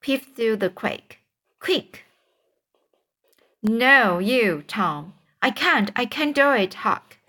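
A woman's voice: a little high, lively intonation, extremely slow, long pauses, sharp tone, heavily acted. A woman voicing Tom, a frightened young boy who whispers urgently in a storybook reading.

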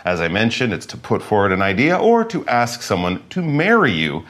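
A man co-hosting a radio English lesson, explaining words in a lively way and acting out example lines. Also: lowish voice, a little fast. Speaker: English teacher, co-host.

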